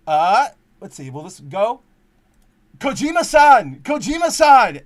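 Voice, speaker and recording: A young man hosting a casual podcast, telling a rambling, excitable story full of restarts and swearing. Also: on the high side. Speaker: podcast host.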